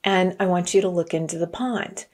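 A woman's voice: lowish voice, moderate pace, darkish tone, lightly acted. A big male tiger from a spoken fable, firm and coaxing as he urges a young cub along, as a woman storyteller puts him on. The delivery is plain and matter-of-fact.

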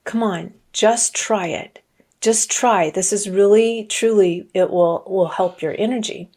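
A woman's voice: mid-range voice, measured pace, warm tone, close to an everyday voice. A woman voicing a coaxing big male tiger. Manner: urging, matter-of-fact.

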